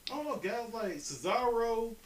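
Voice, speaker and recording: A man co-hosting a casual wrestling talk show, animated and laughing loudly. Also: very high-pitched, normal speed, recorded from a distance, a little hiss or hum. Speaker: podcast co-host. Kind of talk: casual chat. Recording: roomy, from off the mic.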